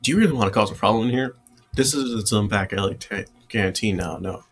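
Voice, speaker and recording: Rich: A man doing a large alien crime contact in a tabletop game, talking sternly and lecturing about loose ends. The voice is low-key and steady. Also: brisk. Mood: warning. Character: big gruff male alien crime contact.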